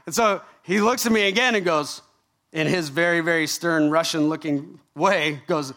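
Animated man preaching a sermon. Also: on the high side, moderate pace. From Canada. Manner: animated storytelling with rhetorical questions. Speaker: pastor.

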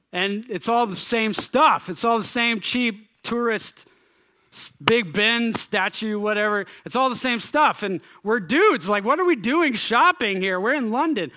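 A man telling a personal story in an animated way, acting out his own thoughts with exclamations. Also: high voice.

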